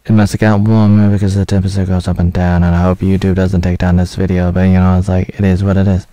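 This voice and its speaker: A man's voice: low-pitched, level tone, fast talker, mellow, dry recording. A man in his thirties giving a loose, rambling spoken review of a series, full of fillers and half-finished thoughts. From United States (Oregon). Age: 30s. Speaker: video reviewer. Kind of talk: casual spoken review over footage.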